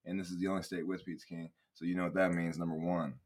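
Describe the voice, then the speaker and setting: A young man co-hosting a casual podcast chat, joking in a dry, low-key way. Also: little pitch movement, fast, darkish tone. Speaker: podcast co-host.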